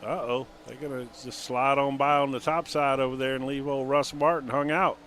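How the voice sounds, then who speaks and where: A man's voice: mid-range voice, fairly even intonation, normal speed, fairly bright tone, a little hiss or hum. A middle-aged man doing color commentary for a sim race, easygoing and rambling with many fillers.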